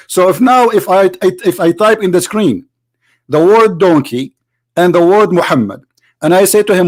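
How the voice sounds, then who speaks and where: A man's voice: high-pitched, lively intonation, moderate pace. A man on a livestream, commenting on a debate clip with mocking, argumentative rebuttals.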